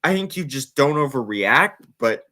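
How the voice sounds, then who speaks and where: A man's voice: medium pitch, animated, a little slow, bright, forceful tone. A man hosting a casual sports talk show, emphatic and incredulous as he breaks things down. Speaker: podcast host.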